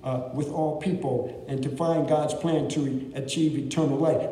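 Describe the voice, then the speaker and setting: A male pastor preaches a sermon in a slightly high voice, swinging between soaring peaks and quiet low passages. He is heard from a distance, and the church sanctuary gives every phrase a long, ringing echo. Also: moderate pace, few pauses. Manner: preaching with big swings in pitch and volume. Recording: distant echoey church hall.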